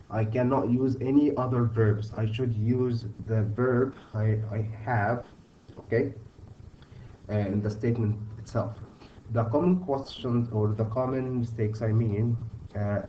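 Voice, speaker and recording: Man teaching grammar, distant dull recording. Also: medium pitch. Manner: patient, repeats "okay?" to check understanding. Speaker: English teacher. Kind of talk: online grammar lesson. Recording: distant, dull mic with faint hiss.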